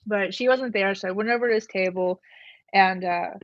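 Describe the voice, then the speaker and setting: A woman's voice: mid-range voice, fairly even intonation, moderate pace, no echo. A woman telling a story as an interview guest, rambling with many filler words and frequent laughs. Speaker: comic artist guest. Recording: slightly dull, lo-fi sound.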